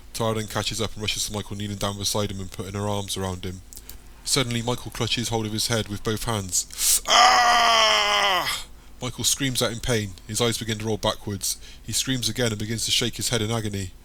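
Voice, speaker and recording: A man narrating an audiobook chapter in a plain, even storytelling manner. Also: on the low side. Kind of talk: scripted narration.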